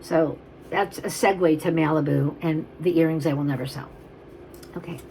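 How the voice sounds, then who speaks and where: Woman jewelry seller, lower voice, chatty and tangent-prone, quite emotional. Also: steady tone, normal speed, creaky, warm tone, a little hiss or hum, poor audio. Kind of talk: rambling live sales chat.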